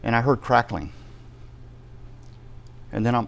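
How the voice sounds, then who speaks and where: A man giving a personal testimony in a ministry live stream, telling his story vividly and acting out the shouts and reactions of the people in it. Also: fairly low pitch, animated, moderate pace, slight background noise.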